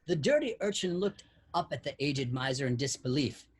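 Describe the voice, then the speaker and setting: A man co-hosting a comedy podcast, reading a story with an animated, bouncing pitch. His voice is somewhat husky. He laughs easily between lines. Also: normal speed. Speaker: podcast co-host. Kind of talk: comic story reading and banter.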